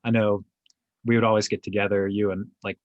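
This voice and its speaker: A relaxed man in casual podcast chat who chuckles often and asks questions. His voice sits a little low. The recording sounds dull and lo-fi, dry and close. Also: brisk, dry recording. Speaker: podcast co-host. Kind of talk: casual book discussion.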